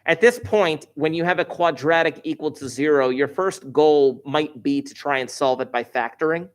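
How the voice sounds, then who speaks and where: A man's voice: fairly high pitch, normal speed. A man teaching a math lesson to a class, explaining step by step with wry, joking asides.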